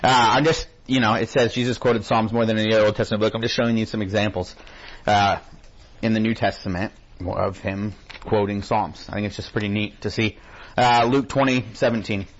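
Man teaching a relaxed Bible class. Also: on the low side. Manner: reads scripture slowly and deliberately, then chats loosely. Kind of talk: informal Bible study lesson. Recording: dull lo-fi recording.

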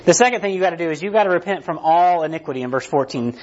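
High-voiced man preaching conversationally. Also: lively intonation, racing, a little mellow, muffled recording. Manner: conversational preaching, frequent "right?" tags, restarts. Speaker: pastor. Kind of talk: sermon.

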